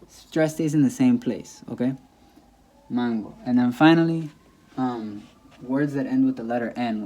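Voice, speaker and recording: Male teacher, warm low-key tone, patient, casual explainer. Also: a little hiss or hum. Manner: patient, repeats words slowly for emphasis, checks in with "okay?". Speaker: Spanish teacher.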